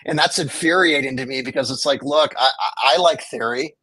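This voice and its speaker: Man, impassioned, argumentative, medium pitch, dry close sound. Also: brisk, bright, forceful tone, dry recording, low-quality recording. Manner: impassioned, argumentative, acts out quoted officials. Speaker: homelessness advocate guest. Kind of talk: conversational interview.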